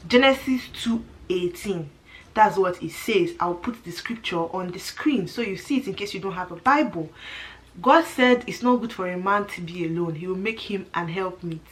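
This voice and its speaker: A young woman, giving her opinions in a casual, animated vlog and speaking straight to her viewers. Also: mid-range voice, low-quality recording. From Nigeria. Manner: animated, talks to viewers directly with frequent asides and restarts. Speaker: vlogger.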